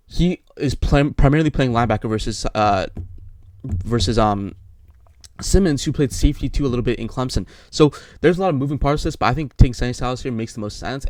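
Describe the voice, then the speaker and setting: A man's voice: mid-range voice, a little mellow, dry recording. A young man giving casual solo football draft commentary, rambling and repeating himself as he restarts his thoughts. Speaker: sports commentator.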